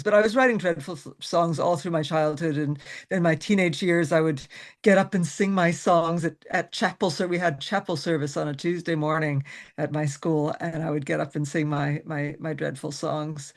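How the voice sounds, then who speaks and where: A woman's voice: deep voice, steady tone, moderate pace. A woman singer-songwriter chatting in a casual interview, laughing often and poking fun at herself. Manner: laughs often, self-deprecating.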